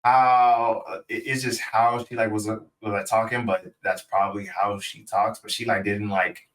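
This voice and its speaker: A man co-hosting a podcast in a laid-back way, thinking out loud with lots of fillers. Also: lowish voice, little pitch movement, moderate pace, recorded from a distance, rough recording. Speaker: podcast co-host. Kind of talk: casual podcast chat.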